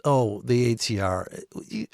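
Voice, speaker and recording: A man's voice: medium pitch, unhurried, gravelly, a little mellow, no room sound, clean studio sound. A man giving rambling, sarcastic, profane commentary on forex charts. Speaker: forex trader. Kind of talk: casual screen-share trading commentary.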